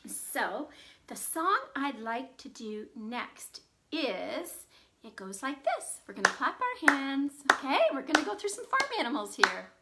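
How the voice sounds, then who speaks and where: A woman librarian leading a children's storytime from home, animated and full of gasps as she talks to young kids. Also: sits high, unhurried, slight background noise.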